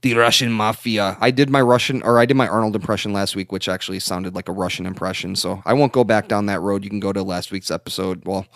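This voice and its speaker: Deep-ish guy cohosting a podcast, rambly, cusses a lot, dry close sound. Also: fairly even intonation, quick pace, creaky, few pauses, no echo. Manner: rambling, swears freely, self-mocking. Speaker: podcast co-host. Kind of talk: casual profane chat.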